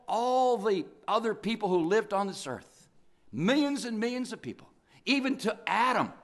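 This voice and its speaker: High-voiced older man preaching fervently. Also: fairly bright tone. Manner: earnest, fervent preaching with slow, stressed phrases. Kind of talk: sermon.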